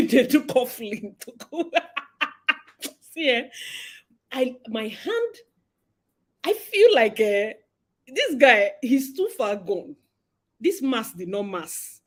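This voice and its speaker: Nigerian woman vlogger, husky, pitched a bit high, animated gossip with Pidgin mixed in. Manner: animated, mixes Pidgin, acts out quotes, laughs often. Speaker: vlogger and commentator. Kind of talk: casual gossip commentary.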